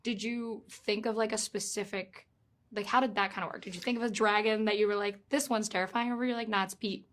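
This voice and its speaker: A woman entertainment interviewer asking about a film in a casual press junket, relaxed with loose phrasing and fillers. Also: mid-range voice, fast talker.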